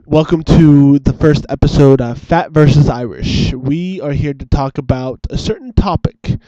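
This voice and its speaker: Mellow man on a dull cheap mic. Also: a little high, normal speed, no echo. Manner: joking, self-mocking. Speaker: co-host and editor. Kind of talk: casual webcam chat. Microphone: cheap desk microphone.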